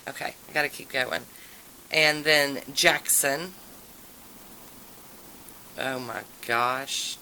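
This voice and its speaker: A woman chatting casually and enthusiastically in a haul video, with drawn-out exclamations. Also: sits low, fairly even intonation, background noise. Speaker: nail polish vlogger.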